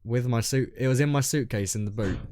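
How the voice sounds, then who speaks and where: A man's voice: mid-range voice, brisk, dark tone, no room sound, studio quality. A young man from Scotland, co-hosting a podcast, telling a long story in casual chat, full of ums and restarts. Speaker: podcast co-host.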